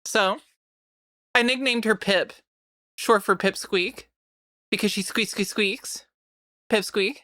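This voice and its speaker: A woman's voice: medium pitch, slow, long pauses, fairly bright tone, dry recording, clean studio sound. A woman filling in on a live stream, chatting casually in a rambling, sweary way with a sore throat. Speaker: stand-in streamer.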